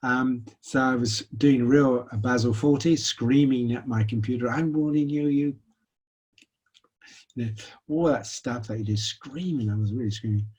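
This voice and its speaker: A man giving a lecture, telling a personal story in a conversational, animated way. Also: mid-range voice, normal speed, slightly rough.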